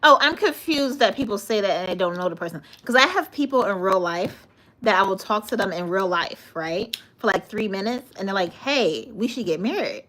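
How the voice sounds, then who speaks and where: A woman's voice: mid-range voice, animated, normal speed, fairly bright tone. A young woman hosting a casual live stream, answering viewer comments with frequent giggles and stumbles over her words. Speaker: livestream host.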